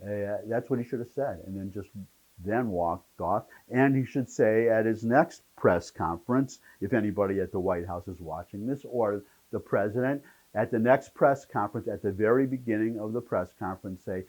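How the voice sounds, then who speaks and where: A man's voice: lowish voice, normal speed, darkish tone, rough recording. A man hosting a solo political commentary show, opinionated and rambling, drifting into digressions.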